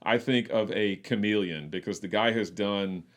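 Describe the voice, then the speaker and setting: A man co-hosting a casual movie podcast, relaxed as he recaps the plot. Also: on the low side, normal speed. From United States. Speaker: podcast co-host.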